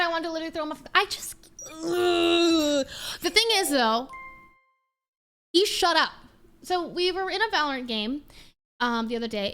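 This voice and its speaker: High, bright young woman ranting. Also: a little hiss or hum. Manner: ranting storytelling, swears freely. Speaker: streamer. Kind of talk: casual chat.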